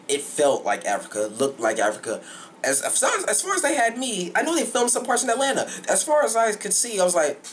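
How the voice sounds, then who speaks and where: A man's voice: high voice, fairly quick, a little hiss or hum. Young guy reviewing a film, hyped and rambling, circles back to the same points. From Southern United States. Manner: excited, rambling, repeats himself. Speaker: movie reviewer. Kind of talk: casual movie review.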